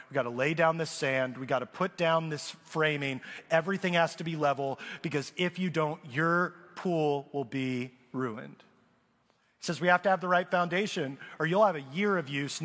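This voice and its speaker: A middle-aged man preaching in a church auditorium, his voice high and bright as he acts out the people in his stories. The sound rings with a long hall reverb. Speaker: guest pastor. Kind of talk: storytelling sermon.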